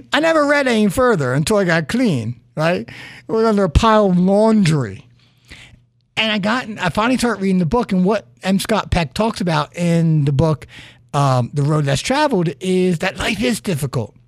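A man's voice: high-pitched, animated, normal speed, no echo, clean studio sound. A man hosting a podcast, giving an earnest motivational monologue full of stories and "right?" asides. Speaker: podcast host.

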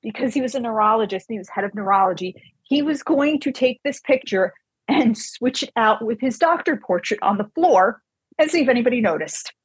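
Husky-voiced woman chatting, telling a long story, dry close sound. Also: a little high, fairly quick, no echo. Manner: animated anecdote-telling, quoting others. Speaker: author. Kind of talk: casual storytelling chat.

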